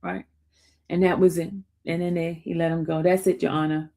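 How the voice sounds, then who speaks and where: A woman hosts a casual live stream and talks straight to her viewers. She tells the story in a chatty, animated way and keeps calling them y'all. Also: fairly low pitch, normal speed. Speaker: show host recapping a trial.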